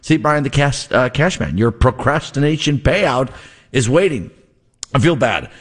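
A man in his forties hosts a live radio call-in show. He reads the sponsor copy loosely and jokes as he goes. His voice sits at a middling pitch. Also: very animated, a little slow, husky. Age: 40s. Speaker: radio host. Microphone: studio microphone.

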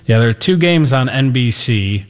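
A male sports radio co-host with a mid-pitched, matter-of-fact delivery. He rattles off scores and schedules plainly. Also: animated, in a large hall. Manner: matter-of-fact, quick rundowns. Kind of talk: casual sports talk.

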